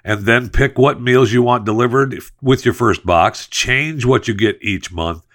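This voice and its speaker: At an unhurried pace and in a medium-pitched, fairly bright voice, a male podcast host jokes his way through a host-read ad with playful asides before chatting about sports news.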